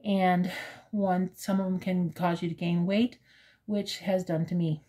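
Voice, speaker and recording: Mellow-voiced woman with halting talk. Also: lowish voice, level tone. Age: 50s. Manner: hesitant, halting, full of fillers; openly emotional, earnest. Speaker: crochet vlogger. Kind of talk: casual personal vlog talk.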